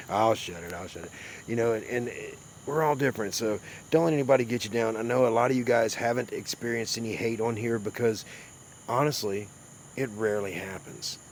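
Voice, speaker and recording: A man's voice: mid-range voice, normal speed, a little hiss or hum. A man from the American South with a Southern accent, rambling in a folksy way while chatting with his live-stream viewers. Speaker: livestream host. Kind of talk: casual live-stream chat.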